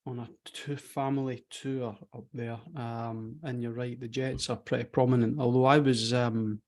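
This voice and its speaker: A man's voice: mid-range voice, little pitch movement, normal speed, darkish tone. A man, hosting a casual golf podcast with dry, teasing banter. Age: 40s. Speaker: podcast host. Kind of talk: casual chat.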